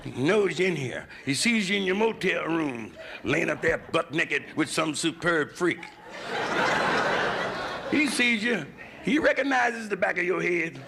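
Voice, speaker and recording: A man's voice: on the high side, lively intonation, a little slow, gravelly. An American male comedian doing crude, conversational nightclub stand-up and working the crowd from a hotel stage, on a noisy 1970s live VHS tape. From United States.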